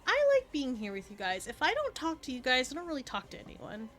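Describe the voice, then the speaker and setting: A woman streaming a card game, chatting casually with viewers, excitable and laughing often. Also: sits high, fast talker. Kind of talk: casual chat while gaming. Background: game music.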